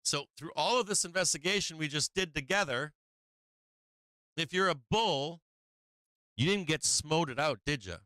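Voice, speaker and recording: A man's voice: on the high side, lively intonation, unhurried, long pauses, sharp tone, dry recording. A man hosting a live trading stream, talking casually and profanely through charts, his voice strained and tiring. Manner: profane, chatty, laughing while watching charts. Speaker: livestream trading host.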